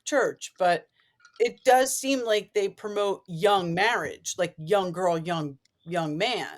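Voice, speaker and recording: A woman's voice: mid-range voice, slow. A woman co-hosting a podcast, chatting casually and thinking aloud with hesitant asides. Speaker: podcast co-host. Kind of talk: casual chat.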